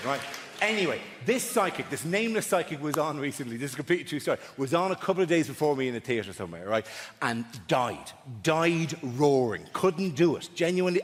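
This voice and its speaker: A man's voice: on the high side, fairly bright tone. A man doing live stand-up comedy, chatting with and teasing the crowd, often acting out voices. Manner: chatty, mocking, acts out voices. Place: large theatre stage. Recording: live theatre reverb, crowd noise. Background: audience laughter.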